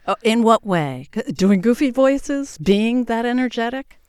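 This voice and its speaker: A woman's voice: fairly high pitch, animated, unhurried, a little mellow, clear, resonant tone, no room sound, studio quality. A woman hosting a radio interview who asks questions in a friendly, conversational way. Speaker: host.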